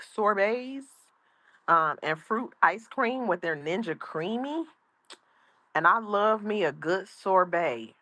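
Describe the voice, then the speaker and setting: A woman's voice: on the low side, a bit bright, dry recording. A grandmother streaming casually from home, chatting and reading her chat aloud. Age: older. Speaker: livestream host. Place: outdoors at home.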